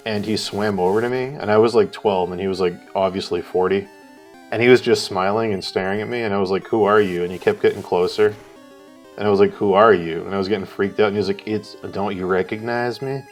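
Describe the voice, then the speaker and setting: A man's voice: fairly low pitch, steady tone, fast talker, faint music behind. A man co-hosting a live art stream, telling a rambling story in casual chat, swearing and acting out what people said. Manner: rambling, swears, acts out quotes loudly.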